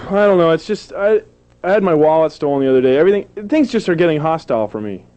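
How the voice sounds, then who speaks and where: A man's voice: a little high, expressive, fast, a little mellow. A man performing a silly, self-mocking stand-up comedy set on a television show. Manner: goofy, self-mocking, jumps into silly put-on voices. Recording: dull lo-fi old TV recording.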